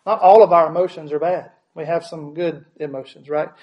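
Male pastor, slightly high-pitched, preaches with questions and repetition. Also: fairly even intonation, fairly quick, muffled recording. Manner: asks the congregation questions, repeats words for emphasis. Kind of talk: sermon.

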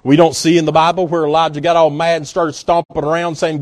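A man preaching in a homey, storytelling way, his voice sitting a bit high for a man. He moves from emphatic peaks down to quiet, slowed asides. The sound is close and dry, with no room echo. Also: little pitch movement. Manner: folksy, conversational preaching with chuckles; swings between emphatic rises and quiet, drawn-out asides. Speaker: guest pastor. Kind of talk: sermon.

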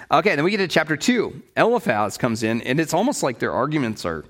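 A man's voice: on the high side, big pitch swings, fairly quick, hardly any pauses. Male Bible teacher, casual lecture delivery, plain paraphrase, frequent check-ins with the class. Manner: conversational, checks in with "right?" and "okay?"; explains in plain paraphrase with restarts.

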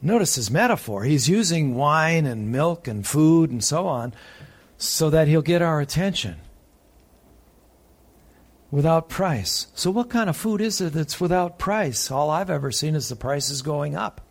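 Slow, deliberate male preacher. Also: on the high side, expressive. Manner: reads scripture aloud with emphatic pauses. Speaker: pastor. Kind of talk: sermon.

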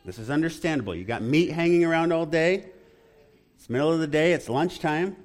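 Lively, animated male preacher. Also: a little high, brisk. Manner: animated, engaging, asks the congregation questions. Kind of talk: expository sermon.

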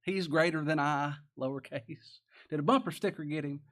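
A man's voice: a little high, normal speed, a bit bright. A man preaching a sermon, folksy and plain-spoken, asking the congregation rhetorical questions and reading scripture aloud. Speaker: pastor.

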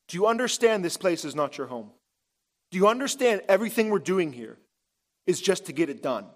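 A male pastor giving a sermon, emphatic, with his voice swinging between loud and hushed for effect. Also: high-pitched, very animated, a little fast. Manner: emphatic, rising and dropping for effect.

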